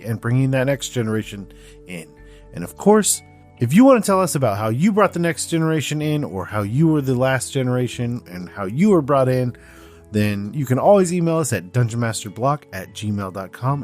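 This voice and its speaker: A man's voice: mid-range voice, a little mellow. A man hosting a tabletop gaming podcast, talking casually and joking, with plenty of fillers and restarts. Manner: chatty, jokey, with frequent fillers and restarts. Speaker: podcast host. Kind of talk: casual podcast chat and outro.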